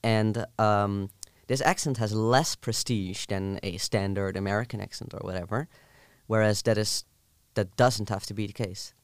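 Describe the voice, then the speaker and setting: A man's voice: lowish voice, fairly even intonation, normal speed, hardly any pauses, clear, resonant tone, dry recording. A young man from the southern Netherlands with a southern Dutch accent, explaining things at length in casual chat with frequent ums and restarts. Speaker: student.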